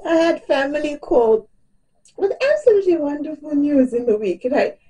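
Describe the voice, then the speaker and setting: A woman's voice: high-pitched, very animated, slow pace, dark tone, far from the mic, poor audio. Bubbly, tearful woman. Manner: laughs often, bubbly and emotional, voice cracking near tears. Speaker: vlogger. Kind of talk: casual chat to camera.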